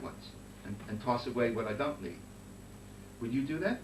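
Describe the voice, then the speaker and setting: A man teaching a conducting master class, giving brisk coaching commands and singing phrases in nonsense syllables. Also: medium pitch. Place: rehearsal room with band. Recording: roomy distant recording with noise.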